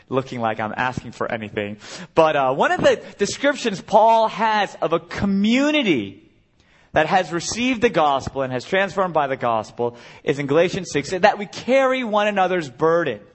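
A middle-aged man preaching a sermon as a guest speaker, earnest and building to impassioned cries. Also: fairly high pitch.

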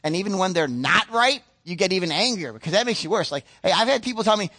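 A man preaching a sermon as pastor, earnest and emphatic, slowing down to stress key points and acting out other people's voices. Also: high voice, lively intonation, bright, forceful tone. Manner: acts out other people's voices mid-sentence.

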